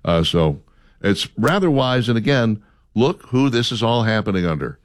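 A man's voice: fairly low pitch, very animated, normal speed, clean tone, dry recording, clean studio sound. A man co-hosting a casual political chat, joking and rambling with mock-pleading asides. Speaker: co-host.

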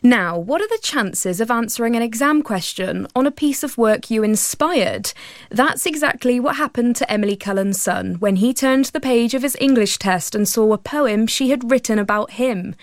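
A woman presenting a news program in a clear, measured manner. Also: fairly high pitch, no echo, studio quality.

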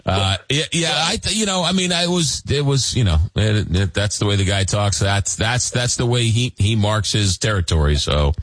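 A man hosting a late-night call-in radio show, reading listener messages aloud and answering with halting, filler-heavy talk. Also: on the low side, expressive, fairly bright tone, no echo, low-quality recording. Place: radio studio.

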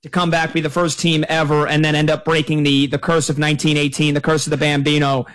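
A man's voice: on the high side, monotone, fast talker, fairly bright tone. A man hosting a sports radio call-in show, talking in a chatty, conversational way.

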